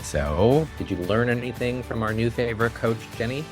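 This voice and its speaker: A man's voice: mid-range voice, expressive, normal speed, music in the background. An American man hosting a podcast in casual chat, playful and jokey, telling stories with animation. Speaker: podcast host.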